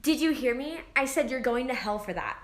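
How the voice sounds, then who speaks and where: A woman puts on an entitled mother in a comedy skit, indignant and accusing. The voice is high and sharp with wide swings in pitch, and it rings in an echoey room. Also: animated, brisk, slight background noise, lightly acted. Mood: condescending. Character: entitled rude mother scolding a stranger.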